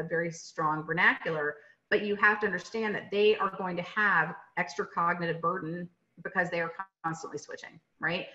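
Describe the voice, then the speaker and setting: Woman presenter from Atlanta, Georgia, on a webinar call. Bright, forceful voice, casual and filler-heavy. Lo-fi call sound. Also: fairly low pitch. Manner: conversational, many fillers and tag questions. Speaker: literacy presenter. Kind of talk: webinar lecture. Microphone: video call. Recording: dull lo-fi webinar audio.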